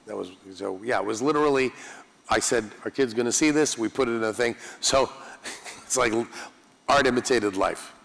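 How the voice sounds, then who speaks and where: A man's voice: mid-range voice, normal speed, vocal fry, a bit bright, husky. An older man, a voice actor guest at a convention panel, telling self-deprecating anecdotes in a chatty way. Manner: self-deprecating, chatty, restarts mid-sentence. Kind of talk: anecdotal Q&A storytelling. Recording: long hall reverb.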